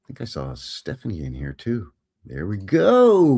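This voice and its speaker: A man's voice: on the low side, wildly swooping pitch, normal speed, mellow, breathy edge. A man hosting a live show, chatting casually and greeting viewers by name. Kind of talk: casual livestream chat.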